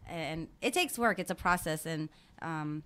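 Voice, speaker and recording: Woman co-host, bright lowish voice, relaxed thoughtful studio chat. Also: unhurried, smooth. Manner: thoughtful, laughs often. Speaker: radio co-host. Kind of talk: casual radio chat. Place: radio studio. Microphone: studio microphone.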